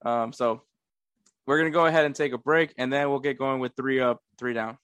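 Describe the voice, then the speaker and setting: The voice is a man's, a little high and fairly bright, moving at a moderate pace. He hosts a casual sports podcast, frequently laughing and making fun of himself, in a dry, studio-quality recording.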